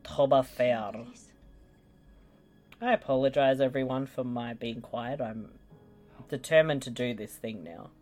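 A woman's voice: a bass voice, a little slow, long pauses, a little mellow, soft background music. A woman riffing playfully on a movie with friends, tossing in laughing asides.

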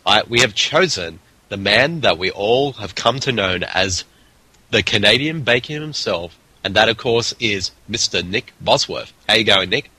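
Husky-voiced Australian man hosting. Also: fairly low pitch, lively intonation, normal speed, pushed and bright, no room sound, rough recording. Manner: rambling, with many restarts and fillers. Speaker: podcast host. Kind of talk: casual podcast chat.

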